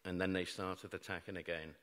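A low, fairly bright voice with a level tone and a fairly quick pace belongs to a middle-aged British man speaking British English. As a storyteller on stage, he tells a true story about grim events to a live audience, using wry, self-mocking humour. The large hall lends the recording a long reverb.

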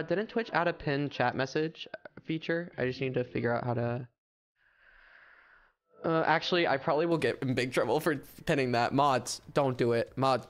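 A young American man chatting casually and playfully on a livestream, rambling with filler words. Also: medium pitch. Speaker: streamer.

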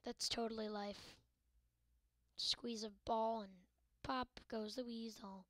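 A young woman with a fairly high voice gives hyper, goofy let's-play commentary, joking and rambling as she plays. The sound is close and dry, straight into a desk mic. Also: steady tone, slow pace, fairly bright tone, dry recording. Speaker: gaming video host.

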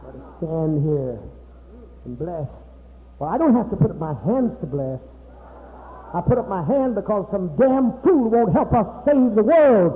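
High-pitched preacher man on tinny old tape. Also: animated, moderate pace. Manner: mocking and profane, swinging between loud and hushed. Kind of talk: sermon. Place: church hall.

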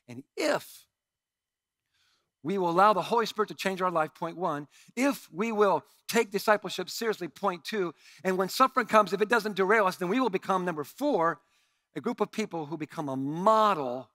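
A man's voice: sits high, lively intonation, moderate pace, bright, forceful tone, no room sound, studio quality. A male pastor preaching a sermon in an emphatic, conversational way, asking the congregation questions.

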